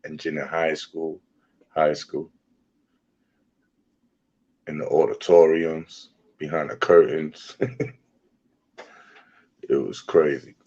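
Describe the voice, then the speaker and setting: Deep-voiced dude, talks real slow, laughs a lot, muffled sound. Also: male voice, little pitch movement, warm tone, slightly rough. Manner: laughs often, reminiscing. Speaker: podcast co-host. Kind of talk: casual chat.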